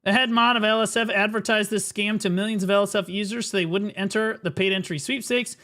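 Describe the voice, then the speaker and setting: High, bright-voiced ranting male streamer. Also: fairly even intonation, brisk. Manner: blunt, profane and riled up, repeats his points. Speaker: streamer host. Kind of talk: live reaction commentary.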